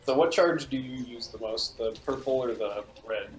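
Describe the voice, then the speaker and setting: A man's voice: medium pitch, moderate pace. Young man chatting in an echoey room. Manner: explains with many fillers and restarts. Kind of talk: casual chat while playing a video game.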